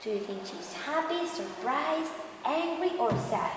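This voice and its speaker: Woman, teacher, slow story reading, animated, echoey classroom, faint hum. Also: high-pitched. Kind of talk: reading a story aloud to children. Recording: echoey classroom with long reverb.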